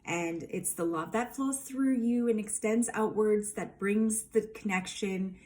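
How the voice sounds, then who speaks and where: A woman's voice: mid-range voice, unhurried, a little mellow. A woman giving a casual tarot reading, emphatic and rambling, with lots of fillers. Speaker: tarot reader.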